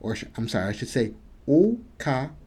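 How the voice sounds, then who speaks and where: A man giving a casual video lesson, patiently repeating each word slowly for practice. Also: mid-range voice, big pitch swings, darkish tone, breathy edge. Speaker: Japanese teacher.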